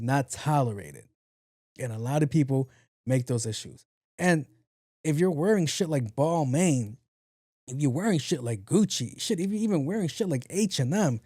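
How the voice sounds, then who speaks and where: A man hosting a podcast in a casual monologue, talking low and evenly, blunt and profane. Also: no echo, clean studio sound. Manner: low-key, talks in a low even voice. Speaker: podcast host.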